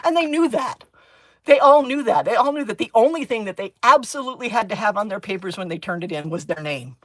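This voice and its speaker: A woman's voice: fairly high pitch, lively intonation, a little fast, fairly bright tone, no room sound, low-quality recording. A middle-aged woman hosting a chatty crafting livestream, telling stories in a dry, sarcastic, talkative way. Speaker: craft channel host, former chemistry teacher.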